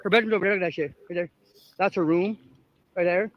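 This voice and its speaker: A man's voice: high-pitched, fast, muffled recording, slight background noise. A man livestreaming from a public sidewalk, taunting and cursing at people in an aggressive, profane rant. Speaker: street streamer. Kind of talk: confrontational livestream ranting. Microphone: handheld camera.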